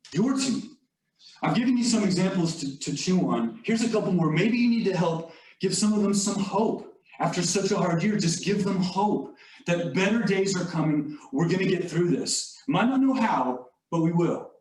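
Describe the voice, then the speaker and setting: High-voiced man telling a leadership story. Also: expressive, measured pace, darkish tone. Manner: storytelling, conversational with filler "like" and "you all". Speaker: leadership speaker. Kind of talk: motivational talk. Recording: echoey room, distant mic.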